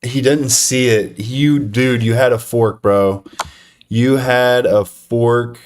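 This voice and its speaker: A young man thinks aloud while streaming a chess game, groaning at his own blunders and filling pauses with ums and uhs. His voice sits at an ordinary middle pitch, and he talks at a slow, drawn-out pace. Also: fairly even intonation. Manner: self-deprecating, muttering to himself, frequent fillers. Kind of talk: live-stream chess commentary.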